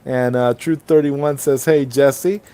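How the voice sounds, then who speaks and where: Man, stream host, casual late-night chat, reads comments aloud, rambling, enthusiastic, mid-pitched voice. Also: steady tone, slow pace, warm tone. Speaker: livestream host. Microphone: online streaming call.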